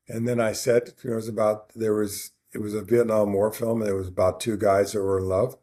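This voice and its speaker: A man's voice: lowish voice, moderate pace, dark tone. A man on a podcast telling a long personal story in a casual, rambling way, often restarting his sentences. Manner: rambling anecdote with many restarts and quoted dialogue. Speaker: podcast co-host.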